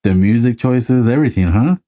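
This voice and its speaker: A man's voice: medium pitch, lively intonation, fairly quick, warm tone. A man co-hosting a podcast in casual chat, laid-back and swearing freely as he acts out lines from a film. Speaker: podcast co-host.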